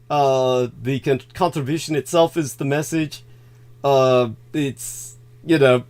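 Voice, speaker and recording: A man hosting a live stream, rambling and profane, laughing often as he reads donations. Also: fairly high pitch. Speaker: show host. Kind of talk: casual live-stream chat.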